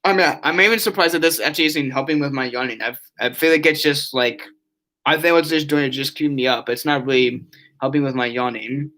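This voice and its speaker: A man's voice: medium pitch, brisk, bright, forceful tone. A tired young man chatting on a casual live stream, reading chat aloud and rambling with many restarts and fillers. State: yawning, tired.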